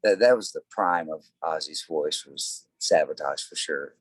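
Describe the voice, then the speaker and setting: A man's voice: extremely low pitch, unhurried, husky, no room sound, poor audio. A man, a singer in a tribute band, chatting as a guest in a casual interview and telling rambling stories full of fillers. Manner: rambling storyteller, many fillers.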